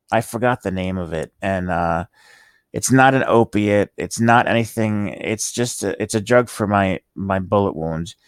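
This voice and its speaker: A man with slurred speech from medication tells an emotional personal story in a halting, rambling way, full of restarts and pauses. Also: on the low side, clear, resonant tone, no echo, clean studio sound. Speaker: vlogger telling his life story.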